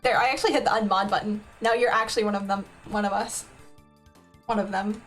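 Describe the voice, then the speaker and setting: A woman's voice: medium pitch, steady tone, fast talker, fairly bright tone. A young woman streaming a game, chatting casually with her viewers in a playful, teasing way and giggling often. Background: faint game music.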